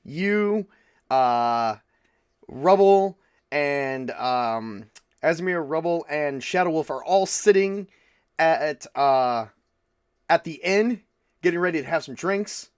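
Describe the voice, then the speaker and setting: A man's voice: a little high, lively intonation, takes it slowly, clear, resonant tone, no echo, studio quality. A man narrating a tabletop game as game master, casual and hesitant. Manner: casual, laughing, hesitant fillers.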